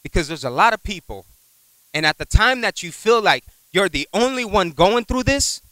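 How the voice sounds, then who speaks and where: Lively, bright-voiced male preacher. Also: on the high side, no room sound, poor audio. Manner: animated, acts out voices in his stories; conversational, repeats words, asks amen. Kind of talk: sermon with personal story.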